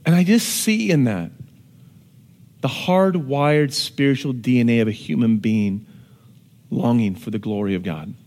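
A man preaching a sermon, animated, moving from hushed tones to shouted emphasis. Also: mid-range voice, measured pace, pauses often. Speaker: pastor. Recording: long hall reverb.

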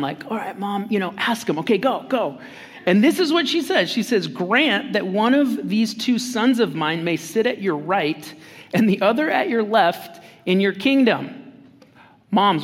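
A man with a high voice preaches a sermon in a casual, joking way and acts out the lines he quotes. His words ring out with a long reverb, as in a large hall. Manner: conversational and humorous, acts out quotes. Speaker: pastor.

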